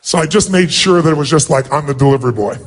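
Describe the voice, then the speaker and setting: A man's voice: a little high, fast. A man giving a motivational talk, telling a personal story in a heartfelt, emphatic way. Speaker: motivational speaker.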